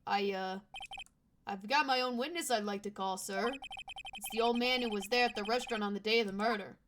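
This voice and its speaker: A woman's voice: mid-range voice, a little fast, far from the mic, background noise, close to an everyday voice. A woman voicing an earnest, slightly hesitant young male defense lawyer, with game music behind.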